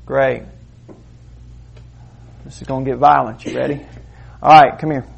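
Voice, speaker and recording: A man preaching a sermon, moving between quiet asides and loud, emphatic points. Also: mid-range voice, flat delivery, measured pace, creaky, dull audio, slight background noise. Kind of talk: sermon with demonstration.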